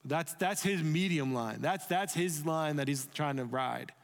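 A man preaching a sermon as pastor, earnest and conversational, easing into a soft voice when he leads a prayer. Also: on the high side, measured pace, gravelly. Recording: echoey hall, long reverb.

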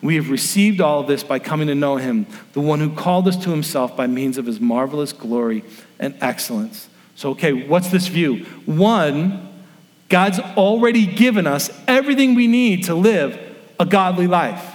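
Pastor preaching in a reverberant hall. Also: male voice, on the high side, moderate pace. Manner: storytelling, acts out quoted voices. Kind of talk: sermon. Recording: long reverb of a large room.

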